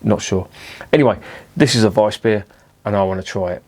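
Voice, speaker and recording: A man's voice: on the low side, brisk, noisy background. A man casually reviewing a beer at home, chatty and self-mocking, swearing freely. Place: indoors at home with curtains drawn.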